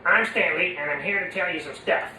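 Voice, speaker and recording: A man's voice: fairly high pitch, a little fast, bright, forceful tone, echoey room, far from the mic, slight background noise, rough recording. A man voicing Stanley, a jaw puppet, in a cheerful puppet voice.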